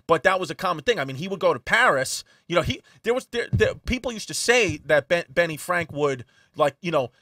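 A man with a New York accent co-hosting a comedy podcast, telling history in a crude, animated way. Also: on the high side, fairly quick, few pauses, dry recording, clean studio sound, distant mic. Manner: profane, animated storytelling.

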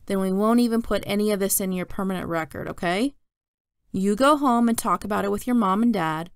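A woman voicing a calm male school principal who speaks in a measured, patient, serious way, reading a storybook aloud. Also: mid-range voice, smooth, dry recording, clean studio sound, natural voice.

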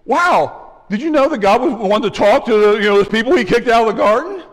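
A man's voice: very high-pitched, fast, in a large hall. A man, the pastor, preaching a sermon in a church and calling out to the congregation as he teaches. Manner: animated preaching with call-outs to the congregation. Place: church sanctuary.

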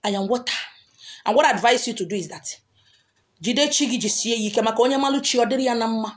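A woman's voice: a little high, fast. A Nigerian woman talking to her followers as a spiritual teacher, emphatic and repetitive, slipping into Pidgin and Igbo. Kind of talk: social media talk.

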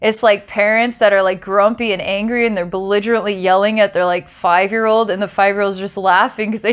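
A woman's voice: mid-range voice, fairly even intonation, fairly quick, hardly any pauses, clean tone. A woman doing a psychic reading for a client, rambling and breaking into giggles between intense passages. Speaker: psychic reader.

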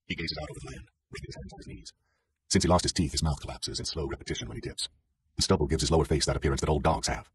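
A very deep, husky male voice reads a literary novel, rushing along while his pitch rises and falls widely. The sound is dry and close, with no room around it. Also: huge pitch swings, no room sound. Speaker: audiobook narrator. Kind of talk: literary audiobook reading.

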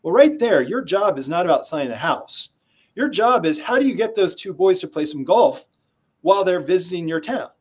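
Animated man telling sales stories. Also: sits high, moderate pace, husky. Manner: animated storyteller who acts out quotes. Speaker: guest, sales trainer. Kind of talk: conversational interview storytelling.

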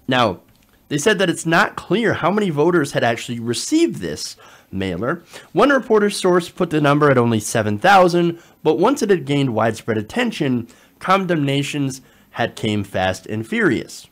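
A man giving online political commentary, talking in an animated, sarcastic way with frequent fillers. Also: fairly high pitch, normal speed.

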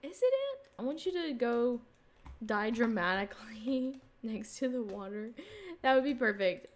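A young woman giving casual let's play commentary on a life-sim game, reacting excitedly and dramatically to what happens on screen. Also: a little high, measured pace. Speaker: gaming YouTuber.

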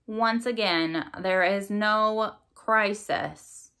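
A little man of a spokesman, soft-spoken and evasive, prone to stammering under pressure, as a woman reads him. His voice comes out bright and a little raised, in storybook style. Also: mid-range voice, drawn-out words, clean tone, pitched above the performer's own voice, exaggerated voice. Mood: defensive. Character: nervous soft-spoken male company spokesman. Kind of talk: storybook read-aloud.

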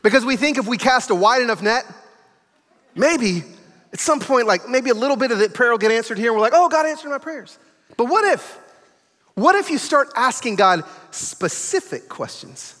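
A male preacher gives an animated sermon with story-driven delivery. His voice is high and bright, and it swoops widely in pitch. The sound carries the long reverb of a church sanctuary. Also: normal speed. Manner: animated storytelling with acted quotes. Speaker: guest preacher.

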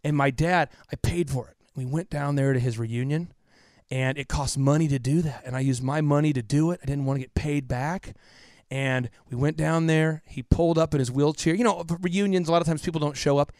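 A man's voice: on the high side, fairly even intonation, brisk, dry recording. Emphatic man, dry studio. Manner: emphatic, repetitive, drops to a hush for emotional parts. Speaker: podcast guest, business coach. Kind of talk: impassioned storytelling interview.

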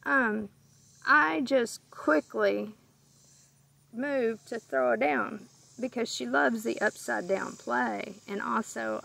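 Slow, gravelly-voiced chatty woman outdoors. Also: fairly high pitch, a bit bright, no room sound, low-quality recording. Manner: chatty, sidetracked, stops to coo at her pet bird. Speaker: pet owner vlogger. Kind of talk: casual rambling vlog.

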